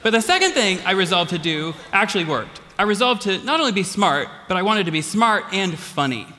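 Animated high-voiced man in a hall. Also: fairly quick. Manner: animated, self-deprecating, laughs often. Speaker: college president giving a talk. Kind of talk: storytelling sermon. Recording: long hall reverb.

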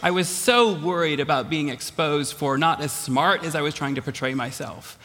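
A man's voice: fairly high pitch, moderate pace, pushed and bright. A man giving a storytelling sermon to a large audience, self-deprecating and laughing often as he talks. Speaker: college president giving a talk. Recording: long hall reverb.

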